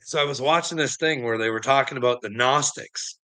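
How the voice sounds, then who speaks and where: A man's voice: medium pitch, fairly quick, pushed and bright. A man hosting his own vlog, talking to his viewers in a rambling, profane monologue and laughing between his lines. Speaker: channel host.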